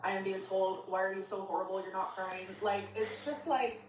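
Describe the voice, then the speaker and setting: A woman talks straight to the camera in a casual vlog, emotional and defensive, with a mid-range voice. The sound bounces around the room, and steady background noise runs under her words. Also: mid-range voice, moderate pace, roomy sound. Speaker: vlogger.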